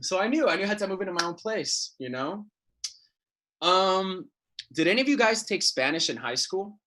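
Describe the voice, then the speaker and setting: A young man from Miami performing stand-up comedy with animated, self-deprecating storytelling. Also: high-pitched, moderate pace. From Miami, United States. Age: young adult.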